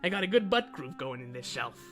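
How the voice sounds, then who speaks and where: A woman doing a lazy deadpan guy. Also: deep voice, brisk, over music, voice pushed down. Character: lazy middle-aged man hiding out in a shop.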